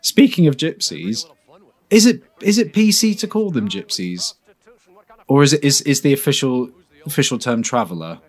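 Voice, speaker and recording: A man co-hosts a casual watch-along of a film, rambling from one joke to the next. He swears freely and talks at a middling pitch. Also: big pitch swings, normal speed. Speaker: film commentary co-host.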